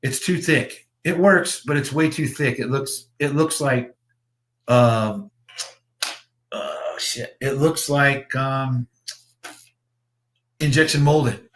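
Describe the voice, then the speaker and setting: A man's voice: mid-range voice, takes it slowly, pauses often, a bit bright. Rambling, swearing man at his workbench. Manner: rambling, profane, chuckling. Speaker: slot car builder and show host. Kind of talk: casual livestream chat.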